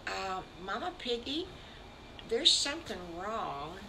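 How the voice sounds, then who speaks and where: A nervous little girl skunk from a bedtime story, her voice bright and fretful, as an older woman acts her out. She sounds scared and unsure. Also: medium pitch, very animated, slow pace, creaky, slight background noise, exaggerated voice, rough recording. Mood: worried. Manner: anxious, fretful.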